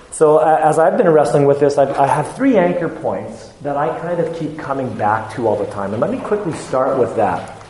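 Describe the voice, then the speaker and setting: A man in his forties giving an earnest, halting talk as a ministry speaker, with many fillers and restarts. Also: mid-range voice, dark tone. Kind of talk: conference talk. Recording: echoey hall with faint ambience.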